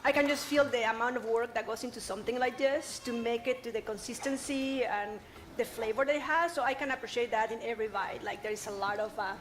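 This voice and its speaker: A woman's voice: a little high, fast, slight background noise. A woman judging food at a contest, earnest and appreciative. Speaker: food judge.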